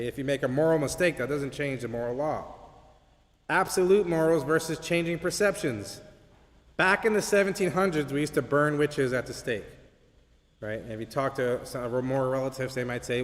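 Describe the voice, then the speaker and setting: A man teaching an apologetics class at a church in a conversational way, often checking in with "right?". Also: fairly high pitch. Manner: conversational, keeps asking "right?". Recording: long hall reverb.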